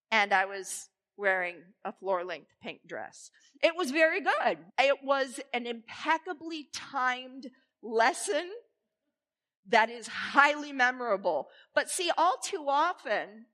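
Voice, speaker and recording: A woman minister giving a sermon in a church, playful and animated as she leads the congregation. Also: on the high side. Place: church sanctuary. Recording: reverberant church hall.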